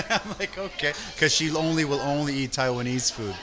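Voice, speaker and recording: A man from Canada, a restaurant owner and chef, telling casual, animated anecdotes in an interview and acting out quotes with lively voices. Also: fairly high pitch, moderate pace, music in the background.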